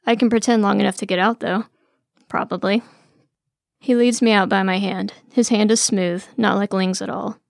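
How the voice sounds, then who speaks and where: A woman's voice: medium pitch, creaky, no room sound, studio quality. A woman narrating a first-person story in a wry, weary, sardonic way.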